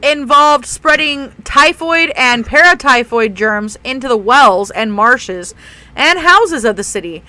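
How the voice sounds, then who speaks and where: A woman's voice: sits high, animated, measured pace, bright, forceful tone, no room sound. A woman co-hosting a casual group podcast, reading history notes aloud with small stumbles and frequent laughs. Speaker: podcast co-host.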